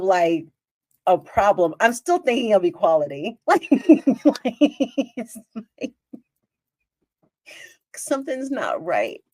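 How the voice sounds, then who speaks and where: Animated woman telling a podcast story. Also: mid-range voice, takes it slowly, long pauses, dry recording. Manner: animated, chatty, exclaims and re-enacts scenes. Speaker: podcast host.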